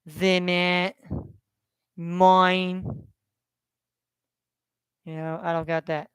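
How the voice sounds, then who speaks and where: A man's voice: high voice, smooth, no echo. A man from California hosting a casual sports betting stream, rambling and swearing as he repeats himself. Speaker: sports betting podcast host.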